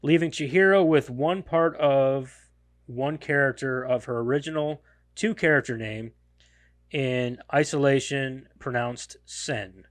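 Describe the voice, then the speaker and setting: A man's voice: medium pitch, a little slow, no echo. A man hosting a podcast, reading a film summary aloud in a casual way, stumbling and correcting himself. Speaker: podcast host.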